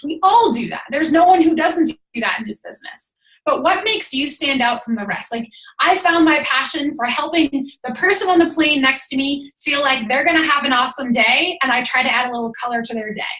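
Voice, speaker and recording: A woman's voice: high voice, a bit bright, echoey room, poor audio. A woman fitness coach giving an emphatic motivational talk on a video call, a little out of breath. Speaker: guest speaker, fitness coach.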